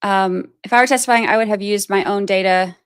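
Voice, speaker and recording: Speaking a little fast in a clear, resonant, mid-range voice, a woman comments on a court case during a casual livestream and reads chat aloud. Her talk rambles as she thinks out loud, filled with "like" and "you know," and she tends to put herself down.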